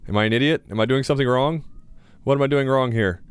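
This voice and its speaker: A man's voice: mid-range voice, fast talker, clear, resonant tone, no echo. A young man giving casual gameplay commentary as a gaming YouTuber, chatty and mildly sarcastic as he talks to himself.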